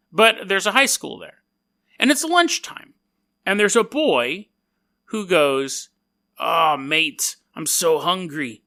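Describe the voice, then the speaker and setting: Bright high-voiced rambling male podcaster. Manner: rambling, self-deprecating, jokey asides. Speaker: podcast host. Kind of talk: casual storytelling podcast.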